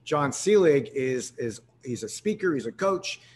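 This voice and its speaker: A man's voice: medium pitch, expressive, measured pace, a little hiss or hum. A man from Canada hosting a live sales webinar, talking energetically with lots of restarts and fillers. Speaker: webinar host.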